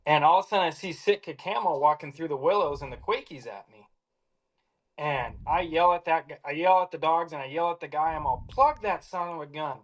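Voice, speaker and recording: Animated man telling a hunting story. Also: a little high, a little fast. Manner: animated, acts out quoted lines. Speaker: hound hunter telling a story. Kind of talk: casual storytelling.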